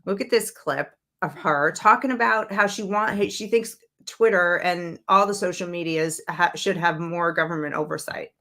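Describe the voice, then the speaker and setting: A woman's voice: lowish voice, normal speed, few pauses, fairly bright tone. A woman from Brooklyn hosting a political commentary show, blunt and sarcastic in a conversational way. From Brooklyn, New York, USA. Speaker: host.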